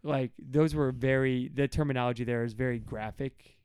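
Smooth, dry-sounding man, casual podcast co-host, rambles with lots of fillers. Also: steady tone, normal speed, darkish tone, no echo. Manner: rambling, many fillers, acts out quotes in a high whiny voice. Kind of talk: casual Bible study chat.

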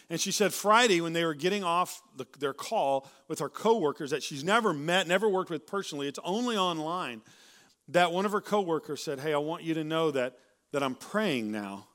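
A man preaching a sermon in a casual, conversational way, often tagging "right?" onto his points and restarting sentences, a little hoarse and clearing his throat. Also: high-pitched, a bit bright. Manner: conversational, keeps asking "right?", with many restarts. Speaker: pastor. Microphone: handheld or stage mic.

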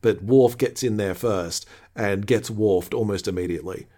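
A man's voice: fairly low pitch, moderate pace, warm tone. A man co-hosting a podcast, chatting casually and eagerly about a TV episode and quoting its lines. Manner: enthusiastic, quotes lines from the show. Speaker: podcast co-host. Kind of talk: casual chat recapping a TV episode.

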